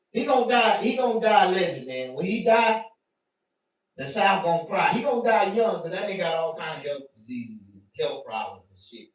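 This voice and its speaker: A man doing a profane stand-up rant to his stream, animated and bursting into shouts. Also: high voice. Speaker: comedian. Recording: very echoey room, mic at a distance.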